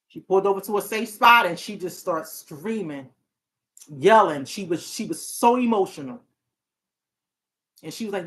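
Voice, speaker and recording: A woman's voice: medium pitch, lively intonation, normal speed, pauses often. A woman therapist hosting a casual talk show, speaking in an earnest, heartfelt way. Her voice sits in a middle register. She often restarts her sentences and laughs easily.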